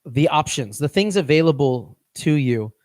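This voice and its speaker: A man's voice: on the high side, expressive, moderate pace, darkish tone, no echo, studio quality. A man co-hosting a fitness coaching podcast, talking casually and rambling, often restarting his phrases.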